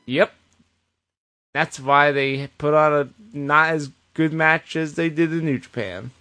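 Podcast guy talking kinda high, animated, swears a lot, casual chat. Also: measured pace. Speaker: podcast co-host.

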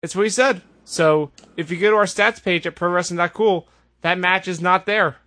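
Podcast guy recapping stuff, kinda high voice, sarcastic and animated. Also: moderate pace. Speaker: podcast host. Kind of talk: casual wrestling recap chat.

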